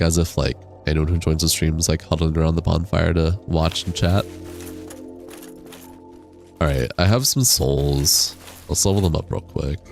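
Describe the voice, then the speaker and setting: A young man chats loosely with his stream while he plays, his voice low and crackly, coming from deep in the chest. He rambles and swears casually, close on a crisp, high-quality mic. Soft music plays faintly behind him. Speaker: game streamer. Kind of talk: casual livestream chat while gaming. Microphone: high-quality studio microphone.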